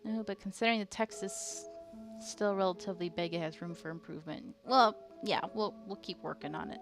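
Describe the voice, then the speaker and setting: A woman's voice: mid-range voice, brisk, soft background music. A young adult woman streaming a game, giggly and easily frightened, chatting casually with her viewers. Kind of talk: casual live-stream chat.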